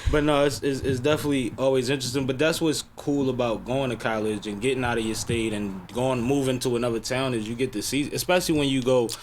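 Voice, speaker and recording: A man's voice: mid-range voice, fairly even intonation, fast, hardly any pauses, slight background noise. A man in casual podcast chat, telling rambling stories in a laid-back way.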